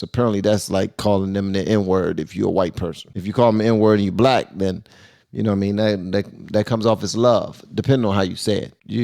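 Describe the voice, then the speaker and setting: A man's voice: fairly low pitch, vocal fry, a little mellow, dry recording, studio quality. A man hosting a reaction commentary, talking in an emphatic, casual and slangy way and often repeating himself. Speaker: reaction channel host.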